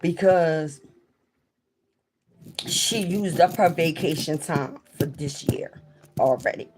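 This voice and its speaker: A woman's voice: low voice, takes it slowly, noisy background. A young woman from South Jersey with a South Jersey accent, chatting candidly and rambling on a casual livestream. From South Jersey, USA. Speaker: livestream host.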